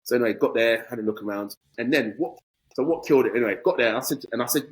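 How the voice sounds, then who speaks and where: A man's voice: mid-range voice, fast, breathy edge, rough recording. A man in his forties, a podcast guest telling a casual anecdote with animation and acting out both sides of conversations.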